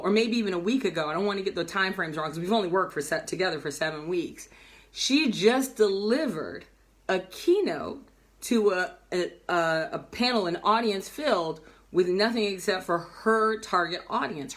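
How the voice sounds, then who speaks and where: A woman business coach giving an animated, emphatic motivational talk, acting out the people she quotes. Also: lowish voice, moderate pace.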